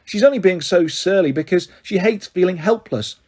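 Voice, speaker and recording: A man voicing a gentle, earnest young girl from a well-off upbringing. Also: high voice, lively intonation, moderate pace, pitched above the performer's own voice. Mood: pleading. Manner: earnest, pleading.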